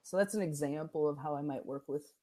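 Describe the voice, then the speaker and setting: A woman guest in a casual interview chat, speaking thoughtfully and calmly, pausing to find her words. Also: deep voice, poor audio. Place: home with a dog nearby.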